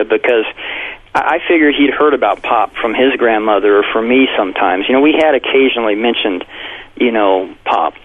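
A man's voice: medium pitch, normal speed. A male pastor and author telling a personal story in an interview, acting out quotes in a raised voice. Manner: animated, acts out quotes with raised voice. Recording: tinny phone-like broadcast audio.

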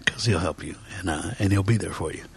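A man as a guest preacher in an interview, talking fervently with many fillers and repeats, sometimes dropping to a soft near-whisper. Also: low voice, fast talker, gravelly, a little hiss or hum. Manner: filler-heavy, repeats words.

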